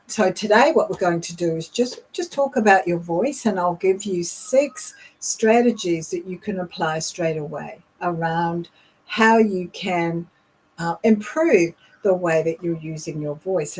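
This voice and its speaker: A woman hosting a leadership show, explaining in a measured, instructive way with occasional fillers. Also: lowish voice, a little mellow, slight background noise, poor audio. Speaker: leadership coach and podcast host. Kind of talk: instructional talk.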